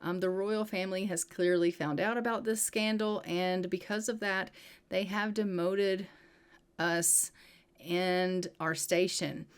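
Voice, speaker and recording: A woman's voice: medium pitch, a little hiss or hum. A woman casually narrating her life-sim gameplay as host, chatty and full of "you know" and "um".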